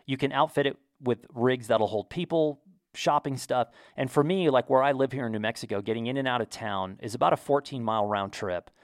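A man's voice: medium pitch, fairly quick, no room sound. Chatty American man, dry close sound. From United States. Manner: enthusiastic, storytelling, chatty asides. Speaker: vlogger. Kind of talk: casual talk to camera.

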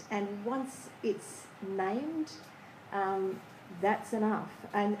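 A woman on a discussion panel, speaking haltingly with frequent restarts. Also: fairly low pitch, darkish tone, roomy sound, slight background noise, poor audio. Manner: halting, many restarts and fillers.

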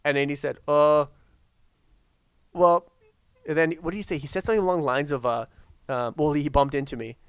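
A man tells a story in a quick, halting rush, repeating and restarting his words, his voice sitting a little high. The sound is close and dry. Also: clean tone, no room sound. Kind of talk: casual storytelling chat.

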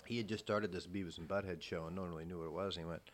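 A man's voice: low-pitched, fairly even intonation, rapid-fire. A middle-aged man from Iowa, a voice actor, telling stories in a casual interview, profane and self-deprecating. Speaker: voice actor, guest.

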